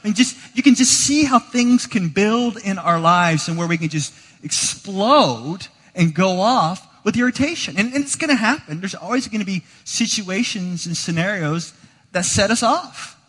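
A man preaching a sermon in a casual, conversational way, moving between quiet asides and emphatic points. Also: sits high, lively intonation, a little slow, slightly rough. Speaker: pastor. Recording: long hall reverb.

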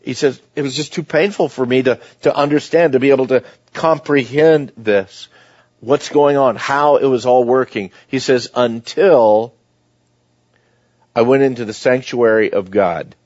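A man's voice: mid-range voice, a little slow, darkish tone, no room sound. A man preaching a sermon, reading scripture aloud and then explaining it in plain conversational words. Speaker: pastor. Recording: dull, dry lo-fi sound.

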